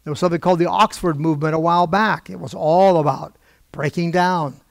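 This pastor's voice is fairly high, steady in tone and brisk, with some vocal fry on a dry recording. Preaching from the pulpit, he relates a story conversationally and voices the quoted lines as he goes.

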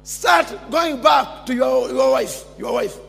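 A man voicing an urgent divine voice that calls out in shouted pleas, in a sermon. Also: extremely high pitch, slow, gravelly, full character voice. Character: urgent divine calling voice, commanding and caring. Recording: long church reverb with music behind.

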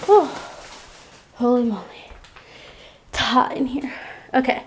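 Young mom vlogger, high-pitched, casual filler-heavy chat, handheld camera at home. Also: female voice, animated, takes it slowly, noisy background. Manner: chatty, filler-heavy with lots of "like". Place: at home in an apartment, indoors. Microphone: handheld point-and-shoot camera.

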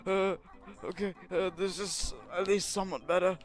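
Here the man's voice is high-pitched, steady in tone and moderately paced, sounding natural. Playing a video game, he voices a brash, insulting alien prince warrior with a hot temper, yelping in panic, as a comedic let's-play parody.

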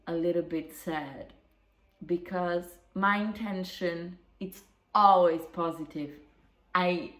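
Slow-talking woman in an echoey room. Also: on the low side. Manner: chatty, rambling, swears casually. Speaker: vlogger. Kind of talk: casual vlog chat. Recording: roomy echo.

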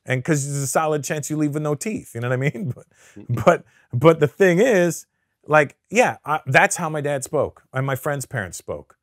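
A middle-aged man from Canada, a comedian guest in a casual interview, telling animated, profane stories full of quoted voices. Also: a little high, moderate pace, no room sound, clean studio sound.

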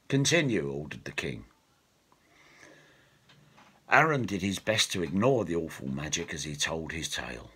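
Give me a male storyteller narrating a fantasy tale with a lively, bright, low voice. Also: husky. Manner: slow, expressive storytelling. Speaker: author and storyteller.

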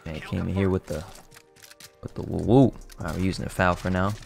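Man, very low voice, gravelly, slangy live gameplay commentary, excitable, trash-talking. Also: brisk, faint music behind. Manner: excitable, talks trash to other players, bursts into shouts; casual slang-heavy banter. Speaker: gaming YouTuber.

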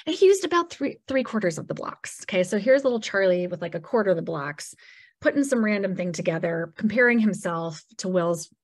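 A woman as a podcast guest, telling a personal story in a casual, animated way and acting out bits of dialogue. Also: mid-range voice, a little fast. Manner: animated storyteller who acts out quoted dialogue and leans on "like".

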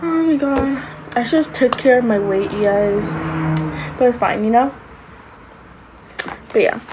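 A woman's voice: a little high, unhurried. Gushing young woman vlogger, faint hiss. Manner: gushing, exclaims often, sometimes drops to a whisper. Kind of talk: casual reaction vlog.

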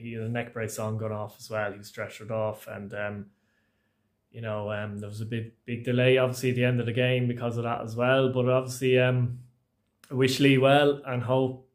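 A man with an Irish accent recording a casual football vlog after a match, talking in a halting, subdued way with many pauses and restarts. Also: mid-range voice. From Ireland. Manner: blunt, swears casually. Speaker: football vlogger.

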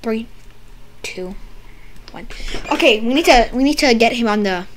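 A young woman with a fairly high voice jokes her way through a game roleplay as a doctor. She is silly and teasing and breaks into sudden loud outbursts. A faint hiss of noise sits under her voice. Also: expressive, unhurried. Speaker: roleplay gamer playing a doctor. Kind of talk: playful game roleplay banter.

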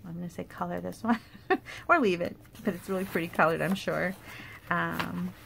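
A woman casually showing off paper craft products in a chatty, enthusiastic way, with fillers and quick asides. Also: fairly low pitch, creaky, a bit bright, a little hiss or hum. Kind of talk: casual product show-and-tell.

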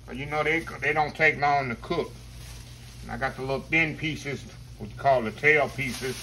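A man hosting a casual home cooking video, folksy and chatty, talking to viewers as "y'all" and dropping to a low murmur while he tastes. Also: normal speed, pushed and bright, a little hiss or hum. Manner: folksy, keeps saying "y'all". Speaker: cooking channel host.

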